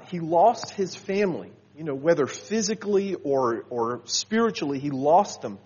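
A man preaching a sermon with a husky, somewhat high voice. He talks in an earnest, halting way and often restarts his sentences. The recording sounds dull and lo-fi. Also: a little mellow. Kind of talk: sermon to a congregation.

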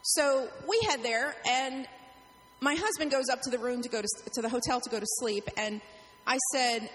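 Woman pastor preaching, high voice, storytelling, big echoey church hall, faint hum. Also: moderate pace. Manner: animated storytelling, acts out quotes. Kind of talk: sermon. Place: church sanctuary.

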